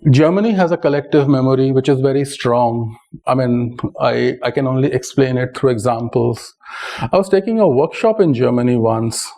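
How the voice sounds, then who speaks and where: A man's voice: medium pitch, normal speed, mellow, rough recording. A man with an Indian English accent giving a conversational public lecture full of anecdotes, often checking in with "right?". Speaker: speaker giving a talk.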